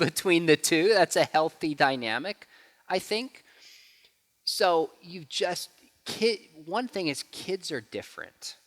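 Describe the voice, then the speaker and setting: A man in his forties speaks in a church hall with long reverb. His pitch swings widely as he tells family stories and acts out what people said, and the room rings on after him. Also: normal speed. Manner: animated storyteller who acts out quotes. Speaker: guest speaker. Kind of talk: church talk with Q&A.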